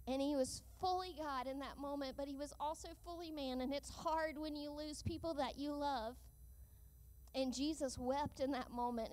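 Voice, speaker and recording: A woman with a high voice delivers an earnest sermon. She speaks in a measured way and slows down to lean on key lines. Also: a little mellow. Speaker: preacher.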